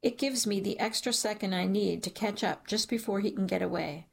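A woman with a medium-pitched, creaky, slightly rough voice narrates a first-person story as an audiobook, in a measured storytelling manner.

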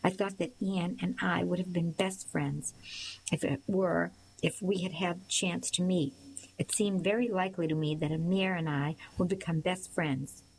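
A woman reading a story aloud in the first person, in a measured, even way. Her voice sits on the low side, and a faint hiss runs under the recording. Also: low-quality recording. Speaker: audiobook narrator.

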